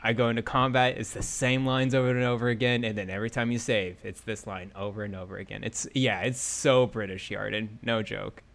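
A man co-hosting a gaming podcast, chatting casually and excitably, often trailing off mid-sentence. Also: on the low side, brisk, creaky, few pauses. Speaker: podcast co-host.

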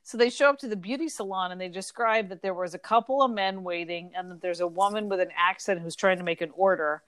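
A woman's voice: on the low side, fast, no echo. Chatty young woman discussing a book. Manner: chatty, animated, lots of fillers. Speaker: podcast co-host.

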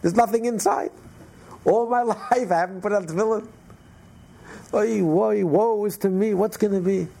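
A man doing a grieving older man who cries out in lament, his voice pushed high and loud. The wailing is gravelly and dark. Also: moderate pace, pauses often. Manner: crying out in lament.

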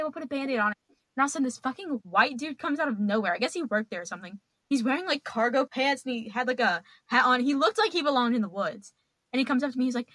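A woman's voice: fairly high pitch, fast talker, no echo, poor audio. A young woman, a podcast guest, telling a childhood story in casual chat, swearing and laughing as she goes. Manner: profane, laughing, animated storyteller.

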